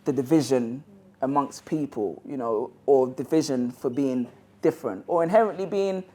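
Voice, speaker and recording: A man's voice: mid-range voice, normal speed, dark tone. A man with a London accent, originally from Ghana, telling a personal story to a live audience in a loose, conversational way that is full of "you know" asides. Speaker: motivational speaker.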